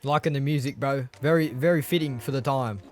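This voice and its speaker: A man's voice: mid-range voice, a little fast, soft background music. A man hosting a casual movie reaction, thinking aloud, swearing freely and calling his viewers bro.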